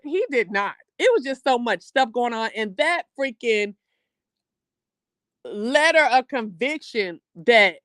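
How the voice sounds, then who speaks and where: A casual live-stream host talks through a reality show recap in an animated, colloquial way, calling the listeners "baby." The voice sits in a middle register. It is recorded dry and close, with no room sound. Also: medium pitch, no room sound. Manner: animated, chatty, calls viewers "baby". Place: home streaming setup.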